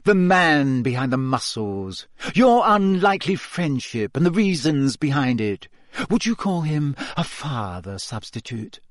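A man's voice: mid-range voice, big pitch swings, a little slow, no echo, clean studio sound. A man reading aloud, voicing a sly, gushing female gossip reporter in a raised, sugary voice that can turn cold and cutting.

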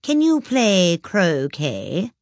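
A woman voicing a furious, shrieking tyrant queen who screams her orders slowly. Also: fairly low pitch, wildly swooping pitch, no echo, clean studio sound, exaggerated voice. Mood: commanding. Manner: screaming, slow and drawn out.

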